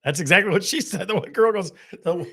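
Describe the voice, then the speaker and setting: A man's voice: high voice, a little fast, a bit bright, slightly rough. A man hosting a live quiz with game-show countdowns, laughing often at his own jokes. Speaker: host.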